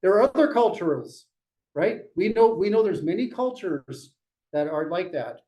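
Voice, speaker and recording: A middle-aged man leading a real estate team meeting, talking in a lively, joking way and acting out what clients say. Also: high voice, measured pace, rough recording. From Dutch family. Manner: lively, jokey, acts out clients' voices. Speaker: brokerage leader running a team meeting. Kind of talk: motivational meeting talk.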